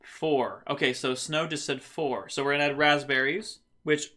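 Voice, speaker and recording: A man's voice: on the high side, fairly even intonation, moderate pace, bright, forceful tone. A man hosting a livestream, chatting playfully and laughing as he reads viewer comments. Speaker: livestream host. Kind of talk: casual chat reading viewer comments.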